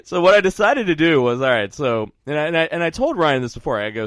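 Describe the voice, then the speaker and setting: A man hosting a radio talk show, telling a story in a casual, animated way, often laughing and checking in with "right?". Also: mid-range voice, quick pace, few pauses, no room sound, studio quality.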